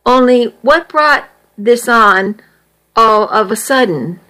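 A woman voicing an easygoing teenage boy who teases his best friend in a calm, matter-of-fact way. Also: a little high, takes it slowly, exaggerated voice, rough recording.

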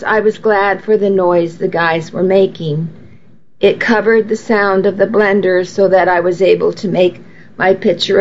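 Brief: woman narrating a novel, slow and intimate, dull lo-fi recording. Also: lowish voice, a little hiss or hum. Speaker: audiobook narrator. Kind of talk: first-person novel narration. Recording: slightly muffled lo-fi audio.

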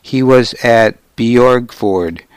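A man's voice: medium pitch, extremely slow, clean tone, no room sound. A man voicing a humble, nervous male pelt trader who speaks deferentially in an audiobook. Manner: deferential, keeps saying lord.

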